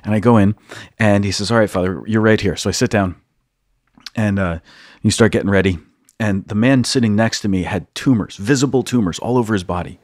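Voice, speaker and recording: Young east coast priest, lowish voice, dry close sound, animated storyteller who laughs a lot. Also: male voice, a little fast, dry recording. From United States, East Coast. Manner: animated storyteller, acts out quotes, laughs often. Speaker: priest and podcast host. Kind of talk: storytelling in casual conversation.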